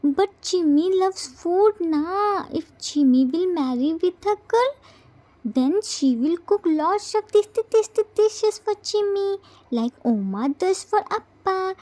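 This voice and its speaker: A shy, easily frightened little boy in a storybook reading, read by a woman. He talks in sweet, babyish phrases, high and mellow, in an unhurried way. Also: lively intonation, heavily acted. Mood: sweet, childish.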